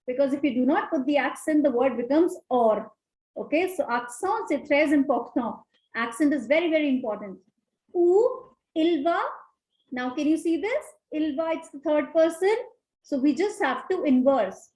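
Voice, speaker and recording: A woman walks students through French grammar, patient and repetitive. Her voice sits high, and she keeps checking in with "okay" between points. The sound is roomy and echoey. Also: darkish tone. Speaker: French teacher. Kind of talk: online grammar lesson.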